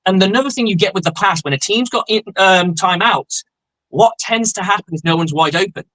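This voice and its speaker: A man's voice: high voice, dry recording, poor audio. A man co-hosting a live stream, breaking down football plays step by step as a coach. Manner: explains plays step by step, fast and energetic. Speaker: co-host, coach.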